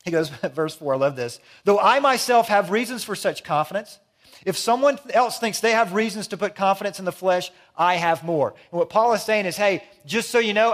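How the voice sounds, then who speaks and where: Man preaching with big swings in volume. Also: high-pitched. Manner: dynamic preaching, swings from loud emphasis to hushed lines. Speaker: pastor. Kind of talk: sermon.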